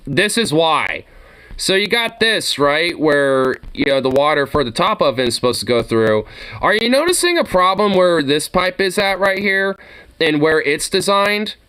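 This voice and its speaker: A man's voice: on the high side, big pitch swings, normal speed, bright, forceful tone, clean tone. A young man filming his workplace kitchen on a phone, ranting and swearing in frustration. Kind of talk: profane ranting vlog.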